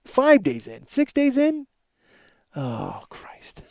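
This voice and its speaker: A man with a very high-pitched voice hosts his own podcast, speaking very slowly with huge pitch swings and vocal fry over a very noisy recording. He rambles and mocks himself, sounding tired, yawning often, swearing a lot, and frequently restarting his sentences.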